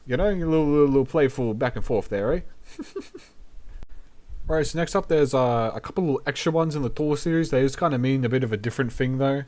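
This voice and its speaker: A man's voice: mid-range voice, a little fast, darkish tone. A young man, a VTuber host giving a laid-back, profane language lesson and laughing often. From New Zealand.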